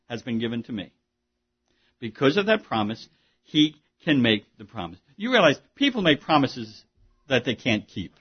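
Husky emphatic male preacher, lo-fi. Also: mid-range voice. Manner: emphatic, conversational preaching with asides and rhetorical questions. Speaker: pastor. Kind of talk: sermon.

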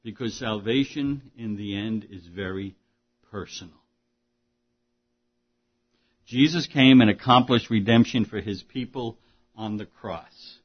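Male pastor mid-sermon, slightly raspy, earnest delivery that swings from quiet to emphatic; muffled low-fidelity recording. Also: unhurried, pauses often.

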